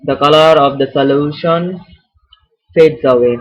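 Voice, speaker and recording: A man's voice: fairly high pitch, measured pace. Man tutoring chemistry, repeating himself. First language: not English. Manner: repeats and restarts phrases, thinking aloud. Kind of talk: informal video lesson. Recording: dull lo-fi recording.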